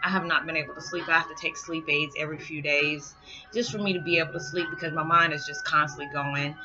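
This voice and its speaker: A woman's voice: low voice, fairly even intonation, quick pace. Chatty middle-aged woman vlogging. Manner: chatty, laughs often, restarts and self-corrects. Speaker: spiritual vlogger. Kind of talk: casual rambling chat to camera. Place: at home. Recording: dull lo-fi sound with loud music behind. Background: meditation music playing.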